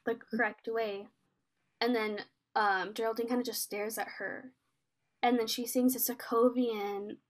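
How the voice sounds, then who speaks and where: A woman co-hosting a casual chat, animatedly retelling a TV episode and acting out quoted lines. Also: a little high. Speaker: podcast co-host.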